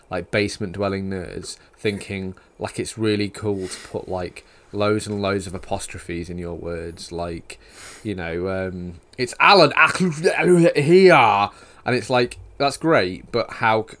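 A young man with a Yorkshire accent hosting a casual podcast chat, rambling with lots of fillers and teasing his guests. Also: sits low. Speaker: podcast host.

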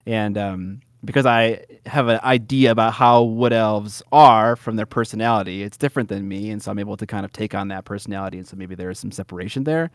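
Laid-back guy talking mini war games, lowish voice, dry close sound, jokes around. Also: brisk, hardly any pauses, no echo. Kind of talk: casual conversation.

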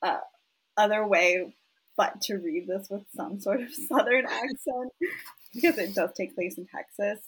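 Woman, husky voice, podcast co-host, casual chat, self-deprecating. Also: mid-range voice, a little slow, poor audio. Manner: self-deprecating, apologetic, giggly.

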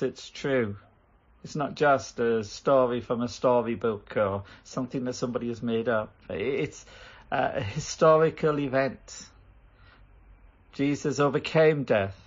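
A man's voice: medium pitch, highs cut off. A man leading a church service and preaching in an earnest, emphatic way. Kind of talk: sermon.

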